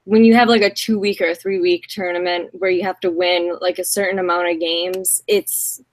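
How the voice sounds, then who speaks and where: A woman's voice: lowish voice, flat delivery, moderate pace, dry recording. A woman co-hosting a sports podcast, talking in a chatty way with frequent "like" and "um". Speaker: podcast co-host. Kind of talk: casual sports podcast talk.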